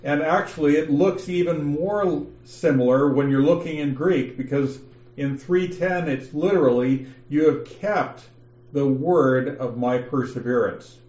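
Casting: unhurried male Bible teacher, dark mellow tone, echoey muffled call audio. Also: on the high side. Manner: slow, methodical, reads passages aloud with emphasis. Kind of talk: scripture lesson over an online call.

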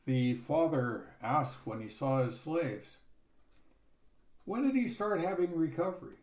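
A man teaching a Bible passage verse by verse, reading scripture aloud and explaining it in a measured way, stressing key words. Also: medium pitch, darkish tone. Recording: echoey room.

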